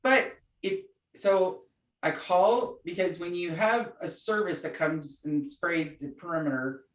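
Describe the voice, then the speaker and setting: A woman co-hosting a podcast, telling a story in casual chat and acting out the voices of the people in it. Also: on the low side. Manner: chatty, animated storyteller, acts out quoted voices. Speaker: podcast co-host. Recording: echoey room, distant mic.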